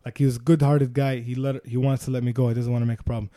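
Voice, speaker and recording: A young man telling a wild story in casual podcast chat, animated, swearing and restarting often. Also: mid-range voice, rapid-fire, no room sound, clean studio sound.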